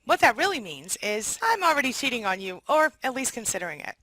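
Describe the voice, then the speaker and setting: A woman hosts a casual countdown explainer in a fairly high, bright voice. Her pitch swings widely as she slips into sarcastic, mock-indignant lines. The sound is dry and close. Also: very animated, fast, few pauses, no echo, rough recording. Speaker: relationship coach and video host.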